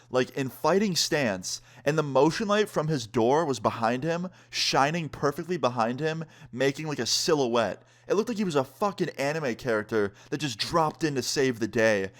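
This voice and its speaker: A man's voice: medium pitch, fairly bright tone. A young man telling a casual storytime as a vlogger, chatty, full of fillers, acting out what others said. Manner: acts out quotes of others.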